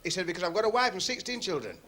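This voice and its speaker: A man's voice: high-pitched, very animated, very fast, bright, forceful tone. A man doing club stand-up comedy, chatting and teasing the audience and laughing at his own jokes. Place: working men's club stage on TV. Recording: noisy 1970s TV recording, laughing club crowd.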